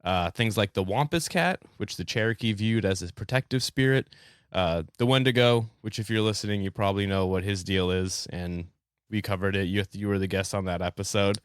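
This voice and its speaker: A man's voice: fairly low pitch, a little fast, clear, resonant tone, dry recording, clean studio sound. A young man hosting a casual podcast, laid-back, swearing freely and laughing often. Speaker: podcast host.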